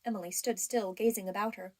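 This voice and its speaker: A woman with a mid-range voice reads a classic novel as an audiobook narrator. Her storytelling is measured and even.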